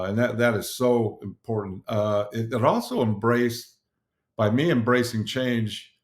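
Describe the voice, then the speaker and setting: A middle-aged man hosting a podcast, giving an earnest motivational solo talk with frequent fillers and restarts. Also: lowish voice. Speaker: podcast host.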